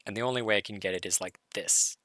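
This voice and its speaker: A hoarse man solving a logic puzzle live, muttering through his reasoning and self-correcting as he goes. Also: on the low side, steady tone, fast, bright, forceful tone, no room sound. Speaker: puzzle streamer. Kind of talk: thinking-aloud live puzzle solve.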